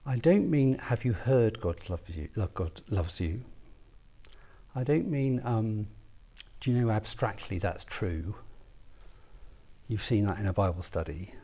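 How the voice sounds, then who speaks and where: A man preaching a sermon, earnest and personal, rising to emphatic peaks and dropping to soft, quiet asks. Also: lowish voice, animated, a little slow, long pauses.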